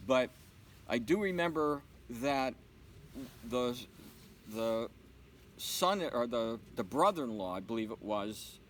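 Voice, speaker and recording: Male interview guest, animated storyteller who acts out the dialogue; mid pitch, faint noise. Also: takes it slowly, pauses often, poor audio.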